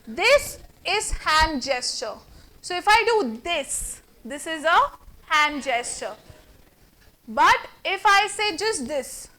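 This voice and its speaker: In a classroom before a live group of students, a high-voiced communication trainer with an Indian English accent gives an energetic, theatrical workshop lecture. She quizzes the students as she goes.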